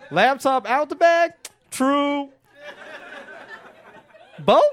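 A young man performing stand-up in a comedy club, animated, laughing at his own jokes and acting out voices. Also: sits high, unhurried, pauses often, slight background noise. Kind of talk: stand-up set.

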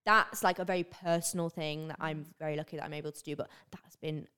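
A young woman from northern England, her accent softened by years in the south, chatting openly and animatedly as a guest on a podcast. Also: deep voice, fast talker, clean tone. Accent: northern English, softened by years in the south. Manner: animated, drops into silly put-on voices. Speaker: online creator, guest. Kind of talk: casual podcast chat.

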